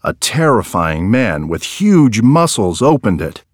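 A man reads a children's story aloud, taking his time and letting his pitch rise and fall widely. The sound is dry and close with no room around it. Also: no echo. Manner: slow, lively, expressive reading. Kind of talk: scripted storybook narration.

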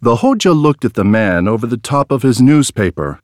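A man narrating a storybook tale in a slow, expressive reading. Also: medium pitch, dry recording, clean studio sound.

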